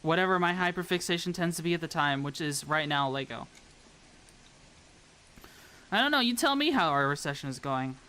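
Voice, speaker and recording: Bright-voiced chatty woman streamer. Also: low voice, animated, moderate pace, pauses often, smooth. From American South. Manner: rambling, chatty, talks to viewers. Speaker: VTuber streamer. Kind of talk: casual chat while building a model kit.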